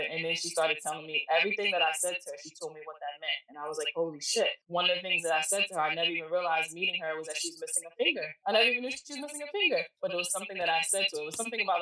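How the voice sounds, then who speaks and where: A woman's voice: sits low, pushed and bright, roomy sound, recorded from a distance, rough recording. A woman, a podcast guest and spiritual reader, telling stories in a casual, blunt way and swearing freely. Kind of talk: casual storytelling interview.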